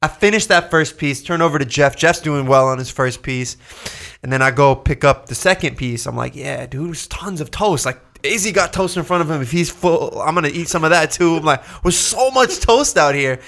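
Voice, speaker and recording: A young man telling a story in casual chat, excitable, swearing often and laughing as he talks. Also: on the high side, fairly quick.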